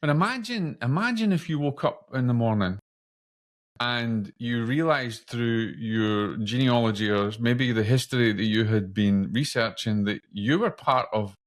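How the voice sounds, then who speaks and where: Low-voiced Scottish man hosting a podcast. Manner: dramatic rhetorical build-ups, repeated "imagine". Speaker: podcast host. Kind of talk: casual interview podcast.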